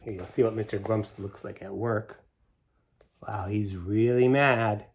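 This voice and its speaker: A middle-aged man reading a children's picture book aloud, stopping to explain the pictures in gentle asides. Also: lowish voice, fairly even intonation, unhurried. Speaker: storybook reader.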